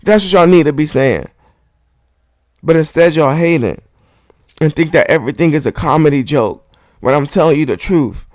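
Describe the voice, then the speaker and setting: A man's slightly high, somewhat mellow voice carries a heated, profane podcast rant in which he keeps repeating the same point. He speaks at normal speed with long pauses, recorded on a studio microphone with no echo.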